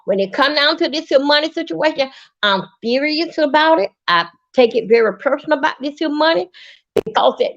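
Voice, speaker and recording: On her live stream, a high-pitched woman tells an angry, profane story, repeating the same complaint as her fury keeps mounting. The sound is low quality and muffled, typical of stream recordings.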